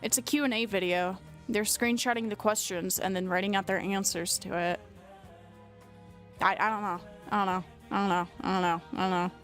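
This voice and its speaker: A woman's voice: mid-range voice, fairly even intonation, moderate pace, a bit bright, soft background music. A congested young woman streamer who reads a document aloud in casual commentary, blunt, profane and sarcastic.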